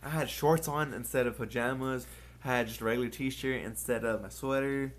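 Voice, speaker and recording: A man's voice: mid-range voice, brisk. A young man co-hosting a casual podcast, telling a long rambling story full of swearing and acted-out quotes. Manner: rambling, profane, acts out others' lines. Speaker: podcast co-host.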